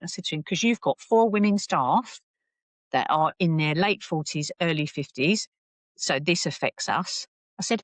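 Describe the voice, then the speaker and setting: A woman's voice: low-pitched, brisk, dry recording. A woman, a podcast guest telling her own story candidly, acting out what people said, with many restarts. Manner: animated, acts out quoted voices, many restarts.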